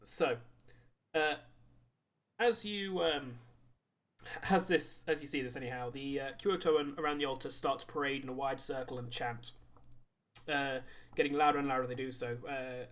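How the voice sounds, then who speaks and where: A man running a tabletop game as dungeon master, narrating in a halting way with frequent ums and restarts. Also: medium pitch, fairly bright tone.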